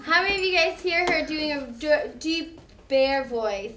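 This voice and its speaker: A woman teaching an elementary classroom, explaining things clearly and step by step in an encouraging way. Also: high-pitched, animated, unhurried. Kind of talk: classroom instruction.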